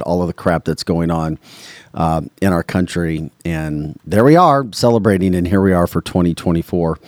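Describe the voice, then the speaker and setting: A man hosting a casual political talk podcast, blunt and opinionated, rattling off quick asides. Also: sits low, darkish tone, no room sound. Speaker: podcast host.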